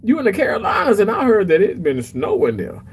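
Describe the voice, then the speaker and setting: A man's voice: high voice, huge pitch swings, brisk, slightly rough, poor audio. A man hosting a casual livestream, chatty and emotional as he reads comments aloud. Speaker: livestream host reading chat.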